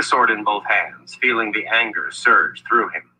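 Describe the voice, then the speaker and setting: A man narrates a fantasy audiobook in a measured storytelling read. His voice sits low and husky. It carries a sharp, forceful edge. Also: low-quality recording.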